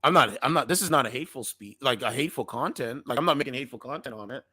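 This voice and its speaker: A man's voice: medium pitch, lively intonation, very fast, bright, forceful tone, husky, no echo. A man hosting a casual commentary channel, reading news articles aloud with slangy asides, stumbling over words and repeating defensive disclaimers.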